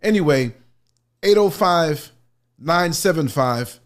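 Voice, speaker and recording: Slightly high-voiced guy hosting a call-in show, excited, trips over his words. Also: slow pace. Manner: enthusiastic, stumbling restarts. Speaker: host.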